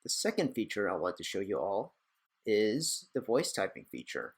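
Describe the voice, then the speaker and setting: A young man hosting a casual screen-recorded software tutorial, chatty and rambling with self-deprecating asides. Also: lowish voice, wildly swooping pitch, moderate pace, gravelly, husky. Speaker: tech tutorial host.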